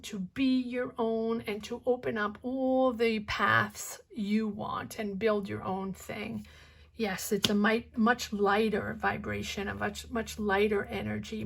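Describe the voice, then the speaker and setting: Gravelly-voiced woman reading tarot. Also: mid-range voice, fairly bright tone. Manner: encouraging, repeats key words. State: losing her voice. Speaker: tarot reader.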